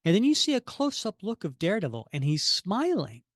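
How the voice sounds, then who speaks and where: A man co-hosting a podcast, recapping a comic in an animated, rambling way with plenty of fillers. His voice is fairly high, and the close mic gives a dry, tight sound. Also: a little fast, dry recording. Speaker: podcast co-host. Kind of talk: casual comic-book chat.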